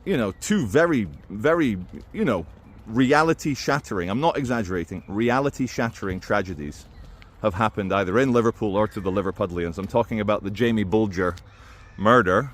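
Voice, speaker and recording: A man's voice: fairly low pitch, fairly quick, hardly any pauses. Chatty man giving opinions. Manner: conversational and animated, with quoted impressions. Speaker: video commentator. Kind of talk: opinionated monologue commentary.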